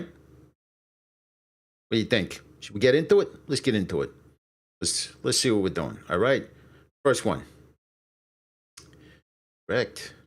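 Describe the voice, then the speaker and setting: A man hosting his own live stream in casual chat, loose and profane as he talks straight to his viewers. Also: fairly low pitch. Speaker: streamer and show host.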